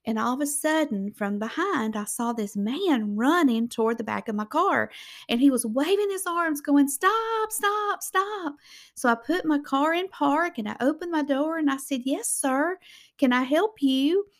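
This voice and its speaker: A woman's voice: sits high, normal speed. A middle-aged woman with a Southern accent, telling a heartfelt personal testimony and acting out the voices of the people in it. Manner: heartfelt, animated, acts out voices.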